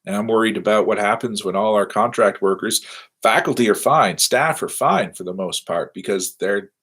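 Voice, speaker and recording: A middle-aged man with a slightly low voice lectures casually from his office over a live stream. He rambles through his points with plenty of ums and uhs and pokes fun at himself along the way. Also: normal speed, fairly bright tone, slightly rough. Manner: rambling, self-deprecating, chatty with many fillers. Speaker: university lecturer.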